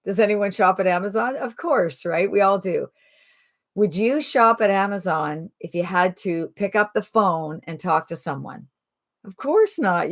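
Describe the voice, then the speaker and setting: A woman making a persuasive live sales pitch on a phone livestream, upbeat and full of rhetorical questions. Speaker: online marketing presenter.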